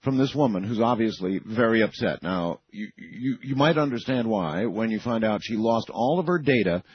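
A man with a low, slightly husky voice hosts a radio talk show, commenting wryly on recorded calls in a measured way. The sound is dry and close, a little dull, like a radio studio feed. He speaks without any echo. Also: animated.

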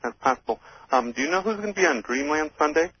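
A man calling into a radio show, soft-spoken and brief. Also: a little high, expressive, quick pace, slight background noise. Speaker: caller. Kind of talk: phoned-in radio call. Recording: dry, muffled phone line on radio.

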